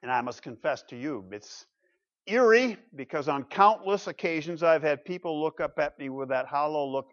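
Emphatic pastor preaching, muffled recording. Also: male voice, a little high, moderate pace, fairly bright tone. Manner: emphatic, conversational, pulls congregation in with asides. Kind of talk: sermon.

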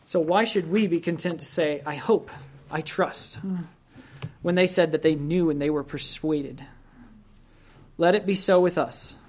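An earnest preacher gives a sermon at an unhurried, deliberate pace. The voice sits at a middling pitch and exhorts listeners directly. Quoted verses come out raised and emphatic.

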